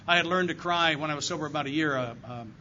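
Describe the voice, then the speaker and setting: Speaking straight to the audience at a recovery meeting, this older AA circuit speaker shares his testimony with earnest, heartfelt conviction. His voice sits a little high and comes quickly, bright and forceful. A dull, lo-fi live recording of the meeting room carries slight background noise.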